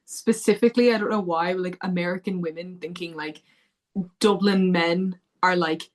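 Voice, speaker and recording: A woman's voice: on the low side, steady tone, moderate pace. A woman in a casual podcast chat, telling a story with lots of "like" and frequent giggles.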